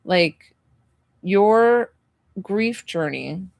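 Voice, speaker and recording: A woman psychic medium talks through a spirit reading in a loose, wandering way, full of "like" and questions aimed at the client. Her pitch sits at an ordinary middle height. The sound is dry and close, with no room around it. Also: expressive, extremely slow, gravelly, dry recording. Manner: rambling and tentative, full of "like" and questions to the sitter; gently reassuring when she relays comfort.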